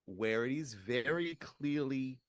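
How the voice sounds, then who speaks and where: A man co-hosting a casual film review podcast, ranting with animated disbelief. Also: mid-range voice, slow, no room sound. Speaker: podcast co-host.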